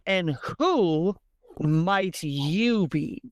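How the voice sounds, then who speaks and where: A playful, flirtatious Englishwoman who slips between accents for fun, as a woman game master puts her on. She talks in a teasing, theatrical way, with a lively lilt. The sound is dry and close. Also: medium pitch, takes it slowly, no room sound.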